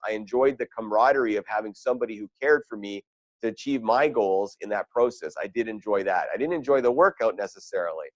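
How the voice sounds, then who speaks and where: A man's voice: medium pitch, no echo. A man giving a motivational talk on goal setting as a sales coach, conversational and full of personal stories. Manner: conversational, storytelling with quoted asides.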